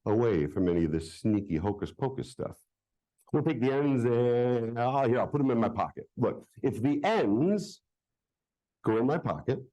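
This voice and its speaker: A man's voice: medium pitch, dark tone, poor audio. A man performing a live magic show for children at a public library, joking playfully with the crowd.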